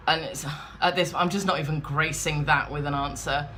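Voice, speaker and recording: Woman, lowish voice, chatty and wry, hotel room vlog, faint background noise. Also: steady tone, moderate pace, hardly any pauses, a bit bright. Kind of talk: casual vlog chat.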